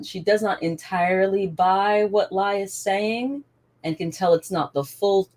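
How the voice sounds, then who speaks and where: A woman's voice: medium pitch, unhurried, darkish tone. A young adult woman narrating her character's actions in a tabletop game, rambling and laughing with lots of fillers. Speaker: player.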